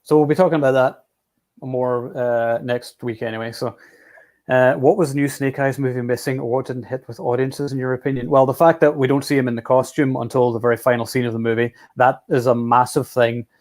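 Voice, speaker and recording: A man in a relaxed movie chat, talking loosely and starting his sentences over. His voice sits at an ordinary middle pitch and keeps an easy, unhurried flow. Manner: relaxed, rambling with restarts. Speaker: podcast host. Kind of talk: casual film chat.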